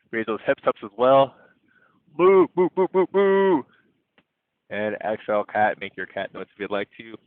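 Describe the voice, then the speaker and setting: A man leading an online yoga class, gently cueing breaths and poses in a playful way. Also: medium pitch. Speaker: yoga instructor. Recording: tinny phone-like audio, dry.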